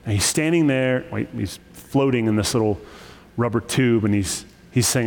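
A man preaching a sermon, lively and emphatic, with joking asides. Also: medium pitch, normal speed, big-room sound. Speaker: pastor.

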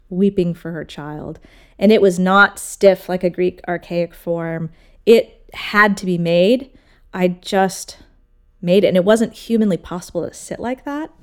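A woman sculptor talks through her work in a casual interview. She tells her stories in an animated way and slips into the voices of the people she quotes. Her tone is lively. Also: lowish voice, clean tone. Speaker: sculptor, guest.

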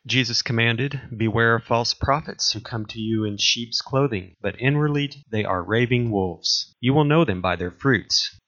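A man preaching, reading a long series of scripture commands aloud in a measured, solemn way. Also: mid-range voice, a bit bright. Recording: dull lo-fi recording.

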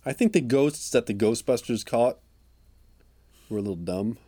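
A man's voice: medium pitch, animated, normal speed, warm tone, no echo. A man co-hosting a casual comedy podcast, riffing and rambling about absurd ideas. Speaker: podcast co-host.

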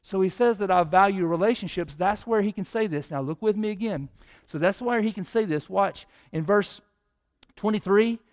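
A man preaching a sermon as pastor, his voice swelling louder and higher when he prays. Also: normal speed.

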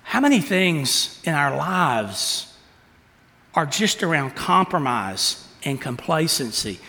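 A man preaching a sermon, asking the congregation rhetorical questions and acting out quotes with animated delivery. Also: a little high, takes it slowly, gravelly, long reverb tail. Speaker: pastor.

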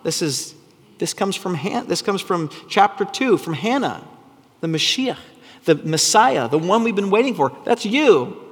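A man preaching a sermon, earnest and full of rhetorical questions, sometimes dropping to a hushed voice for emphasis. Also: sits high, sing-song, unhurried, slightly rough, in a large hall. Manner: drops to a hushed, soft voice for emphasis. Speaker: pastor.

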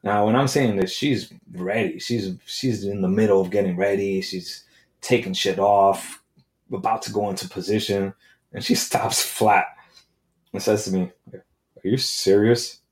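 A man's voice: on the low side, steady tone, normal speed, roomy sound. A man hosting a podcast, telling a comedic story in a brash, profane rant. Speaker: podcast host. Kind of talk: comedic monologue.

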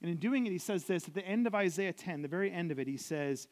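A young adult man preaching a conversational sermon, repeating words and dropping lower and softer when he reads scripture aloud. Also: expressive, fast, hardly any pauses. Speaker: pastor.

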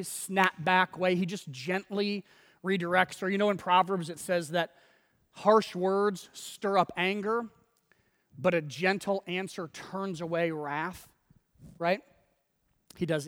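A man's voice: high voice, long reverb tail. A man preaching a sermon in a conversational way, acting out quoted voices and laughing often. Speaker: pastor.

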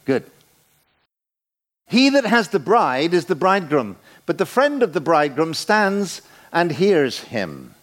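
An older man in his sixties gives a sermon in a church. His fairly high voice swings widely in pitch as he preaches, playful and animated. He acts out the people he quotes. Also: slow. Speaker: guest preacher.

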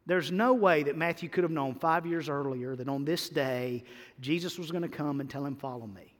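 A man preaching a sermon to a church congregation, swinging between loud emphatic bursts and hushed, drawn-out phrases. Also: on the high side. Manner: animated preaching with sudden loud and soft swings. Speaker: pastor. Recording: long hall reverb.

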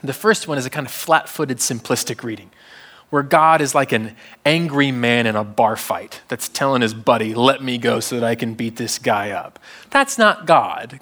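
A man preaching a sermon in a church, animated and wry, with sudden hushed drops. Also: mid-range voice.

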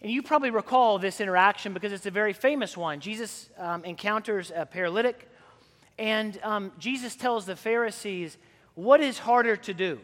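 A man's voice: high-pitched, fairly quick, a bit bright. A man preaching a sermon as a priest, telling stories in a conversational way. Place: church sanctuary. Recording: long church reverb.

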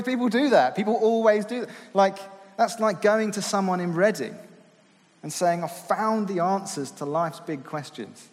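Man, sermon, chatty, self-deprecating, slightly high voice, echoing church hall. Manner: conversational, self-deprecating, repeats words. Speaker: preacher. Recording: long hall reverb.

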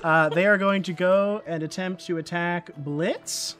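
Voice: mid-range voice, fairly even intonation, unhurried, fairly bright tone, soft background music. A game master narrating a tabletop game casually, laughing often and using filler words.

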